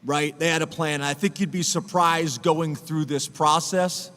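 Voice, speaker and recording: Earnest high-voiced man in an echoey hall. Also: steady tone, moderate pace, a bit bright. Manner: emotional, earnest, with frequent fillers and restarts. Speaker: head football coach. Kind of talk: press conference speech. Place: press conference room.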